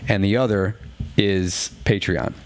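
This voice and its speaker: A man's voice: lowish voice, fairly even intonation, unhurried. A man hosting a live podcast show, talking in a casual, upbeat and chatty way. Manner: chatty, upbeat, self-correcting. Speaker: podcast host.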